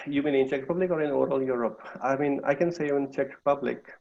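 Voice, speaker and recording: Guest speaker: man, North Indian English accent, middle pitch, halting delivery full of fillers, muffled lo-fi sound. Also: vocal fry, darkish tone. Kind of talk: casual talk in an online session. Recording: dull lo-fi audio.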